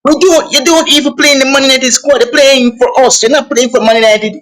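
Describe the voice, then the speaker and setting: A man in a casual football chat, ranting in an animated, exasperated way with non-native grammar. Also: very high-pitched, a little fast, low-quality recording.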